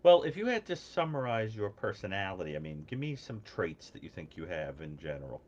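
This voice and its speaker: Deep-voiced man in playful chat. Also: big pitch swings, a little fast, a little mellow, lo-fi sound. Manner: playful, teasing, laughs easily. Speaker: podcast guest. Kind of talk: casual call-in chat.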